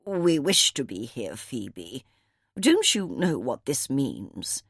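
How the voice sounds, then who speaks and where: Woman reading imperious old grandmother, audiobook, haughty, low voice, dry. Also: very animated, slow, creaky, breathy edge, no echo, full character voice. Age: older. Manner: haughty, clipped, formal. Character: proud elderly grandmother, imperious.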